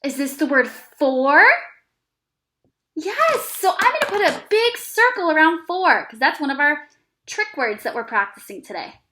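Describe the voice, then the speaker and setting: A woman teaching an early reading lesson to young children, speaking slowly and encouragingly with plenty of praise. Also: high-pitched, big pitch swings, sharp tone, reverberant. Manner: slow, exaggerated, encouraging teacher talk with praise.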